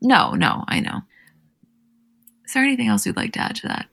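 Female podcast co-host, bright tone, casual animated chat. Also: fairly high pitch, creaky, breathy edge. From New Jersey. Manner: animated, chatty, quick asides.

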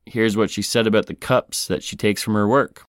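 A man with a very low, smooth, resonant voice hosts a podcast and reads listener mail aloud. His delivery is wry and deadpan. The sound is dry and close, with no room around it. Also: normal speed, no echo. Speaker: podcast host.

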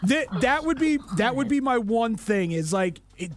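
A man's voice: extremely high pitch, big pitch swings, normal speed. A man on a sports podcast panel who talks animatedly, stumbles over restarts, and puts on mock sarcasm. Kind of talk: casual sports chat.

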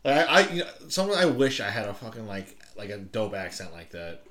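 A man chatting casually on a podcast, relaxed and halting, swearing now and then as he tells a story. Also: lowish voice.

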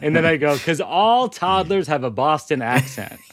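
A man's voice: a little high, expressive, moderate pace. A man hosting a podcast interview, talking casually with frequent laughs and stammered restarts. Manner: self-deprecating, laughing often, stammering restarts. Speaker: podcast host.

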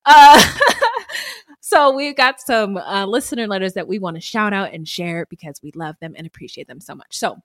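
A woman co-hosting a casual true-crime podcast, animated and profane, and she often laughs mid-sentence. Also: mid-range voice, normal speed, dry recording, studio quality. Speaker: podcast co-host.

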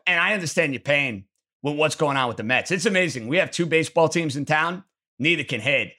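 Sports radio host, male, bright and punchy delivery, blunt opinions. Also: fairly high pitch, animated, fairly quick. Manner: blunt, emphatic, ranting. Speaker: sports talk show host. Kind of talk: opinionated sports call-in commentary.

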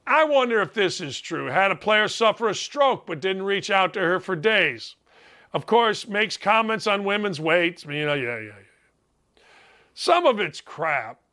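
A middle-aged man riffing as a sports talk host with a high, bright, ringing voice. He talks in animated, sarcastic bursts, jumping from shouted disbelief to low mutters. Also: unhurried. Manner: animated, sarcastic, swings between loud outbursts and asides. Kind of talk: opinionated sports radio talk.

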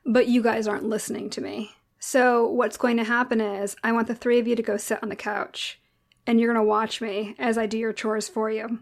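A woman with a somewhat high voice tells a lively story about her daughters. She acts out each line of the exchange as she goes. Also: brisk, creaky. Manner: animated storyteller, acts out dialogue. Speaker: mother of young girls. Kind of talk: casual chat.

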